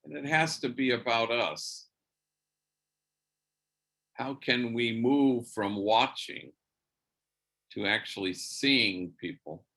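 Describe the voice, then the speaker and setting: A man, a priest, telling a story in a church lecture, animated and sprinkled with Spanish slang words. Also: mid-range voice, slow pace, long pauses.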